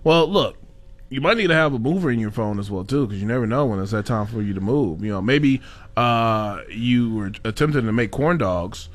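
A man's voice: medium pitch, expressive, brisk. A man hosting a casual talk show, reading a sponsor spot and rambling with lots of fillers and chuckles. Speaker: show host. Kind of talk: casual chat with a sponsor read.

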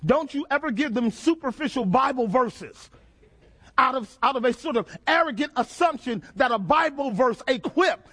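A man's voice: very high-pitched, fairly bright tone. A man preaching a sermon, asking the congregation questions and repeating phrases for emphasis. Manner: preaching with call-and-response questions and dramatic repetition.

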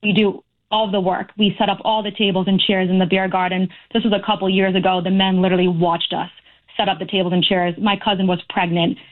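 A woman's voice: medium pitch, level tone, quick pace. A woman calling in to a radio show, talking earnestly and at length about being treated unfairly. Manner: earnest, aggrieved, talks in long runs. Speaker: caller. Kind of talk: call-in talk radio. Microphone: telephone. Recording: phone line.

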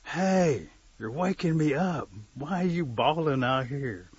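A man voicing a grumpy, sleepy little magic mole in a husky voice, on a dull lo-fi recording. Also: on the high side, lively intonation, slow, pitched above the performer's own voice, heavily acted. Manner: grumbling, impatient.

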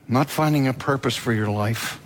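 A man's voice: medium pitch, moderate pace, slight background noise. A man preaching a sermon and retelling a scripture story with drama, talking straight to the congregation. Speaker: pastor and seminary teacher.

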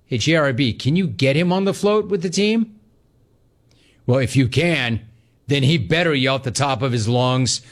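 A man hosting a sports talk radio show, delivering a sarcastic, mocking monologue with animated asides. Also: medium pitch, moderate pace.

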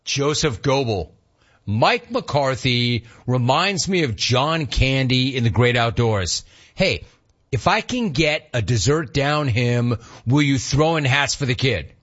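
A man hosting a sports talk radio show, teasing listeners with amused, rapid-fire rhetorical questions. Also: mid-range voice, animated, a bit bright, lo-fi sound.

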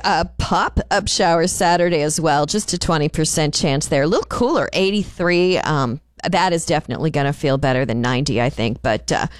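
Upbeat woman on morning radio doing weather, lowish voice, dry studio sound. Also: clear, resonant tone, no echo. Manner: perky, upbeat delivery. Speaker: radio co-host reading the weather. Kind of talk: casual radio chat.

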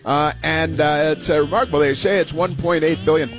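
A man's voice: on the high side, moderate pace, music in the background. A man hosting a talk radio show, delivering a rambling political monologue full of uhs, sarcastic and scornful.

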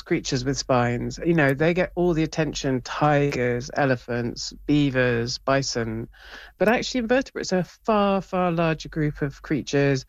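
A woman's voice: sits low, no echo, highs cut off. A woman newspaper editor, speaking as an interview guest in casual, enthusiastic, rambling chat.

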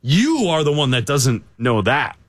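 Teasing sports radio co-host. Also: male voice, medium pitch, sing-song, unhurried, dry recording. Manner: teasing, laughs often. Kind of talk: casual on-air banter. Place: radio studio in Chicago.

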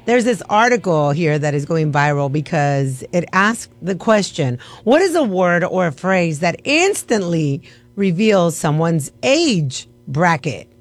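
Playful, animated woman radio host. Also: fairly low pitch, a little slow. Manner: playful, mock-offended, laughs often. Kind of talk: chatty radio segment.

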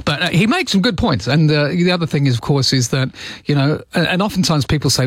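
A man's voice: fairly high pitch, quick pace, no room sound. An Australian man hosting a talkback radio show, speaking in a conversational, wry and opinionated way. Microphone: studio microphone.

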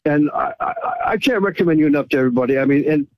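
A man's voice: a little high, very fast, lo-fi sound. A man calling in to a radio show, stammering and effusively grateful. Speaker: caller. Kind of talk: phone-in call.

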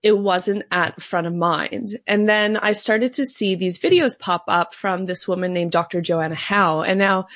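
A woman's voice: medium pitch, fairly even intonation, unhurried, few pauses, a bit bright, no echo, clean studio sound. A woman from Canada, telling her story in an earnest, fluent way as an interview guest. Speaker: guest, pro-life advocate. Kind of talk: interview conversation.

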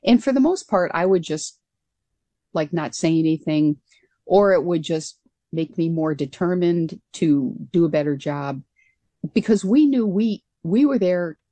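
A woman's voice: lowish voice, animated, a little slow, dark tone, no room sound. A woman who was a military pilot, telling her story as a radio interview guest in an earnest, reflective way.

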